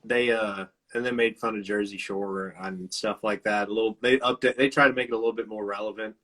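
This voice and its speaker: A man's voice: on the low side, steady tone, fairly quick, a bit bright. A man hosting a casual video-call chat, rambling with loose swearing and frequent laughs. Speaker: interview host.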